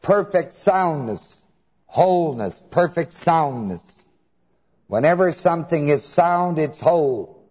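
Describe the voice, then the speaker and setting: A man's voice: on the high side, lively intonation, slow pace, darkish tone, breathy edge. A man preaching a sermon, asking the congregation to fill in words and spelling terms out letter by letter. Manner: call-and-response questions to the congregation. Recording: dull lo-fi recording with long hall reverb.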